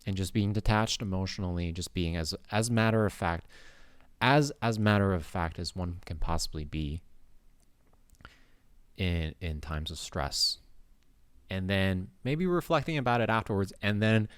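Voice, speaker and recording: A man's voice: sits low, expressive, measured pace, smooth, no echo. A man vlogger talking in a casual, rambling monologue with many hesitations.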